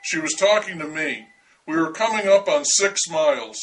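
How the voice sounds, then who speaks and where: A man's voice: fairly high pitch, normal speed, a bit bright, recorded from a distance, slight background noise, low-quality recording. A man narrating a first-person story in a dry, wry way.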